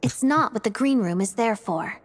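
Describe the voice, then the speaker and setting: A woman's voice: a little high, lively intonation, unhurried. A woman voicing a reserved, proud young female performer in a video game, curt and formal. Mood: aloof. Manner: cool, curt, sighing, formal.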